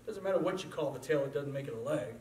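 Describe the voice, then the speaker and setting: A man's voice: mid-range voice, animated, quick pace, background noise, close to an everyday voice. A man voicing a shrewd, plain-spoken male statesman who reasons patiently with an opponent, heard from far off in an echoey church. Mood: patient reasoning.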